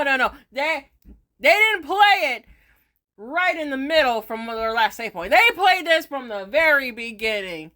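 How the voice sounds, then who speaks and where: Very high-voiced woman reacting slowly. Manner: animated, laughing, exclaiming. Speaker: reaction video host. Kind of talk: excited reaction commentary.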